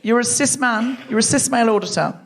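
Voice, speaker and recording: A woman's voice: fairly high pitch, brisk. A woman hosting a live comedy podcast on a theatre stage, chatty and self-mocking, teasing the audience. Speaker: podcast host.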